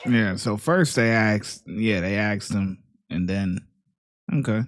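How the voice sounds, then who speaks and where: A man's voice: fairly low pitch, takes it slowly. A man hosting a reaction video, giving casual, joking commentary. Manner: joking, drawling. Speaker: reaction host.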